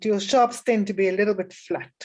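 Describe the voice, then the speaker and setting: Her voice is medium in pitch as she adjudicates at a music festival. She offers young string players calm, encouraging spoken feedback, often pausing on "um."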